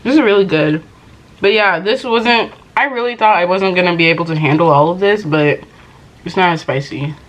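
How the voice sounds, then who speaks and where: A woman's voice: fairly low pitch, moderate pace, lo-fi sound. A woman vlogging in casual chat, rambling and exasperated, talking while she eats.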